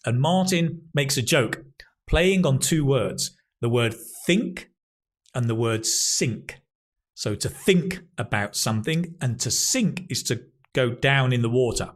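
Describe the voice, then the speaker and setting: A man teaching English, explaining phrases patiently one at a time and chatting with a colleague. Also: mid-range voice. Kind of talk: explaining vocabulary, casual chat.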